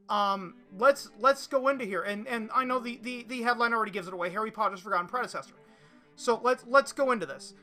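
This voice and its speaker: Bright-voiced podcaster with stammering restarts. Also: medium pitch. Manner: stammering restarts and repeated words. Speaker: podcast host. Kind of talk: opinion monologue, reading articles aloud.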